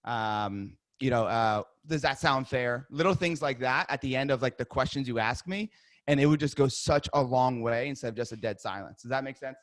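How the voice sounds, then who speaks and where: On a video call, a man coaches real estate agents and role-plays a sales call, staying upbeat and conversational with rapid restarts. His voice is medium-pitched, and the audio is clean studio sound with no echo.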